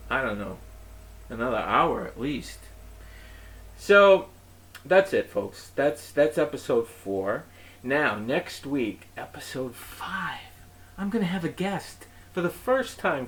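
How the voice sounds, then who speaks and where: Man telling an exasperated comic story. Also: mid-range voice. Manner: animated, exasperated retelling with acted-out quotes. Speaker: host of his own chat show. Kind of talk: comedic storytelling monologue.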